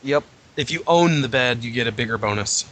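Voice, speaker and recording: A man co-hosting a podcast who tells lively game anecdotes and swears freely in casual chat. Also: medium pitch, brisk, a little hiss or hum. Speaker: podcast co-host.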